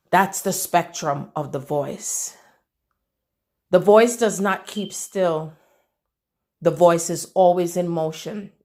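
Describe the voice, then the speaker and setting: A woman delivering a channeled spiritual message, repeating phrases in an incantatory way and swinging between loud declarations and near-whispers. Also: mid-range voice.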